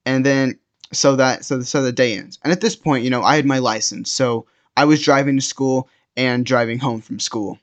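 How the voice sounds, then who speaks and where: A man's voice: mid-range voice, steady tone, moderate pace. A young man casually narrating a personal story in first person, rambling and restarting his sentences often. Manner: rambling, many restarts and repeated words. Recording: dull lo-fi sound.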